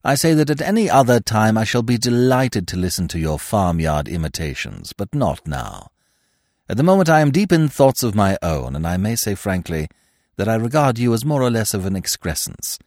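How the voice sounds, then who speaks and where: A man voicing a suave, verbose young gentleman in a storybook reading, speaking in ornate, grave, mock-sincere sentences. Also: on the low side, big pitch swings, moderate pace, dry recording, clean studio sound. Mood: mock-solemn.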